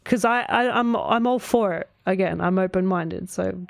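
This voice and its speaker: Woman vlogger, mid pitch, casual rambling chat full of fillers and swearing, dry close sound. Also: normal speed, creaky, dry recording. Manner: rambling, filler-heavy, often asks 'right?'; swears freely.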